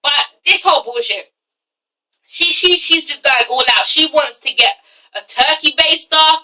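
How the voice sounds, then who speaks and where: A woman's voice: high voice, measured pace, bright, forceful tone, far from the mic, low-quality recording. Sassy teenage English woman ranting. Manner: sassy, swears a lot, keeps asking "okay?". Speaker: vlogger reviewing reality TV. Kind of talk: casual rant review.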